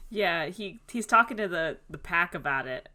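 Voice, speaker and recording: Giggly woman cohost on a podcast, bright voice, laughing through cartoon recaps. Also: on the low side, animated, normal speed. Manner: giggly, laughs often while retelling scenes. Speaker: podcast co-host. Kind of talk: casual chat recapping a cartoon.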